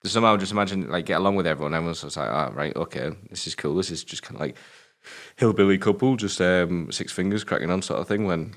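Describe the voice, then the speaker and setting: British guy on a film podcast, really deep voice, swears a lot, gets ranty. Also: fast. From Britain. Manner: sweary, ranting, exasperated. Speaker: film review podcast co-host. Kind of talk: casual film review chat.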